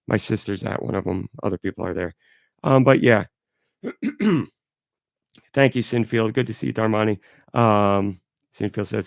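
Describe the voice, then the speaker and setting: A sick man hosting a live podcast with a hoarse, stuffy voice, rambling and apologetic. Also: lowish voice, dry recording, studio quality. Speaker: podcast host. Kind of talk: casual live podcast chat.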